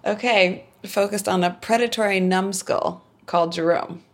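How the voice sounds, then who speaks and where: A woman's voice: medium pitch, fairly even intonation, moderate pace. A young woman hosting a podcast, teasing her guest and reading an article aloud with playful drama. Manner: teasing, giggly, reads with mock drama. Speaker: podcast host. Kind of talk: casual chat and reading aloud.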